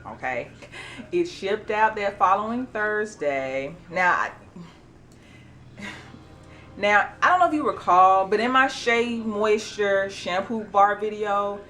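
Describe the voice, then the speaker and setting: A woman chatting casually through an unboxing, animated and excitable. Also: medium pitch, slow, slight background noise. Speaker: beauty vlogger.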